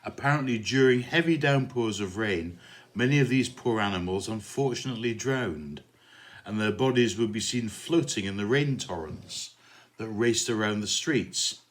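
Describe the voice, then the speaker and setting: Low-voiced rambling man with dry jokes. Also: moderate pace. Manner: relaxed, meandering delivery with many fillers. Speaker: podcast host. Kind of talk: casual solo podcast chat and poetry reading.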